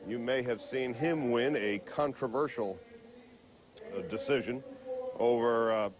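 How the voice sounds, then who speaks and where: A man at an ordinary pitch reports live for sports news. His commentary is measured and informative, with a slightly wry edge. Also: crowd noise.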